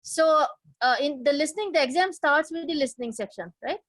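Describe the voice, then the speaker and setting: A woman runs a live online test-prep lesson in a high voice. She explains carefully with many fillers and restarts, and asks her audience to answer in the chat. The sound is dry and close. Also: brisk, fairly bright tone, no echo, low-quality recording. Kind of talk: live webinar presentation.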